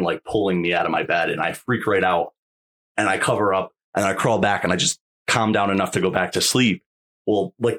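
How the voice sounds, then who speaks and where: A young man with a very low, deep voice tells a personal story as a podcast guest. He talks casually and rambles, with plenty of fillers, and keeps checking that the listener is following. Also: fairly bright tone.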